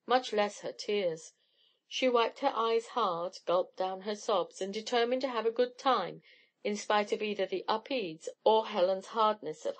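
A woman reading a novel aloud in steady, expressive storytelling. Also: medium pitch. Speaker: audiobook narrator. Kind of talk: scripted narration.

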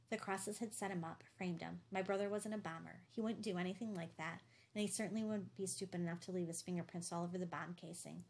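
Brief: female audiobook narrator, steady delivery, gravelly low voice. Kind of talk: scripted first-person narration.

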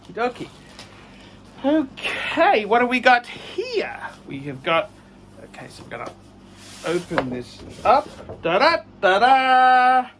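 A middle-aged man hosting his own vlog, chatting casually through a live unboxing, excitable and humming to himself as he opens a parcel. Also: high-pitched, a little slow, long pauses, a little hiss or hum. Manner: excitable, hums while working, mock-sarcastic. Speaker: vlog host.

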